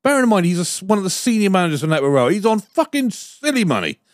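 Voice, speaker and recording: A man's voice: high voice, sing-song, fast talker, no echo, studio quality. A man from the telling sweary stories in casual banter on a podcast, often laughing and slipping into other people's voices. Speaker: podcast co-host. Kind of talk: casual banter among mates.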